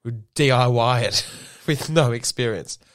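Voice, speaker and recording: A man's voice: medium pitch, unhurried. A young man co-hosting a podcast, joking and laughing through casual banter. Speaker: podcast co-host. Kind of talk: casual chat.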